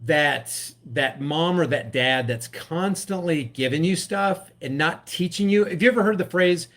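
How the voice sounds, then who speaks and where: Fired-up ranting man, high voice. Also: unhurried, fairly bright tone. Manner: impassioned ranting, acts out scared voices. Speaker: political vlogger reacting to a clip. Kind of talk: live-stream commentary reading comments.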